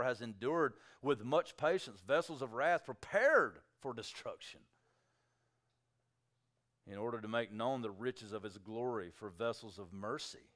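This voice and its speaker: A man's voice: mid-range voice, a bit bright. A male pastor preaching a sermon, reading scripture and acting out objectors' questions in a raised voice.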